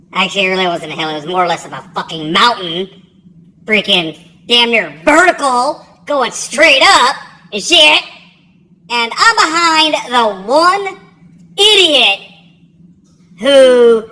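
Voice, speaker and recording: A woman's voice: mid-range voice, bright, forceful tone, low-quality recording. A woman telling a casual, rambling story about her own past, swearing freely and laughing at herself. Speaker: military veteran telling a story.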